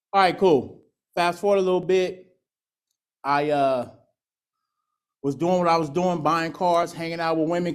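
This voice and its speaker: A man's voice: on the high side, smooth. Candid streetwise man telling his story. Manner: candid, streetwise storytelling with laughs and acted quotes. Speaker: speaker sharing his recovery story. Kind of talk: personal testimony at a recovery meeting.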